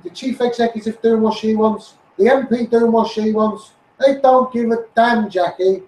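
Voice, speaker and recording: A man's voice: high voice, steady tone, moderate pace, darkish tone, reverberant, recorded from a distance, low-quality recording. A man with a Liverpool accent hosting a casual live stream, reading out viewer comments and calling people mate. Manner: addresses viewers by name, calls them mate.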